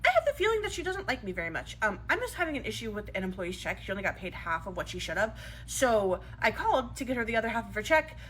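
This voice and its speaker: A worried young worker who explains her problem hesitantly and earnestly, as a woman acts her out in a comedy skit. Her voice sits fairly high and moves with lively rises and falls. There is a faint room hum behind her. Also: fast talker. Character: worried young female employee. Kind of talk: comedy skit role-play.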